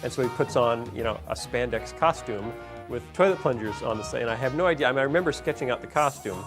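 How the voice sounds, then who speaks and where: Regular-pitched guy telling behind the scenes stories, lots of you knows, music underneath. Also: fast. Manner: relaxed storytelling with many "you know" fillers. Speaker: show creator interviewed.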